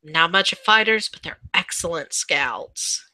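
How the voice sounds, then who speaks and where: A woman's voice: lowish voice, animated, measured pace, sharp tone, full character voice, low-quality recording. A woman voicing a blunt, scornful female werewolf who lives alone in the woods, speaking in a curt, dismissive way.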